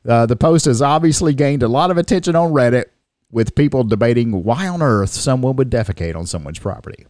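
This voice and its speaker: A man hosts a comedy news podcast with a bouncy, animated delivery that swoops up and down. He reads headlines and riffs on them with a joking, easy manner. His voice is close and dry, with no room sound around it. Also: mid-range voice, fairly quick, no echo. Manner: jokey, reads headlines aloud, laughs often. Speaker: podcast co-host.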